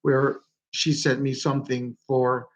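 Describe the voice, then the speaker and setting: A man with a Jamaican accent, hosting a casual livestream and warmly greeting his viewers by name. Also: medium pitch, flat delivery, a little slow, dull audio, a little hiss or hum. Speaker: livestream host.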